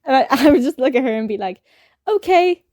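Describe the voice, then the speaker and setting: A woman's voice: high voice, very fast, warm tone, no echo. A young woman, hosting a podcast and telling a story in a casual, sweary, laughing way. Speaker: podcast host.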